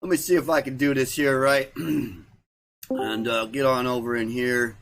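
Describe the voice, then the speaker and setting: A man's voice: medium pitch, steady tone, a little slow, fairly bright tone. A man hosting a casual livestream, rambling, repeating himself and trailing off as he talks. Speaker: livestream host.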